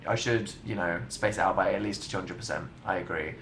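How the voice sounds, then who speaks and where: A man's voice: low-pitched, brisk, a bit bright, echoey room, a little hiss or hum. A young man hosting a casual livestream, chatting in a dry, self-mocking way as he answers viewer comments. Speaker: livestream host.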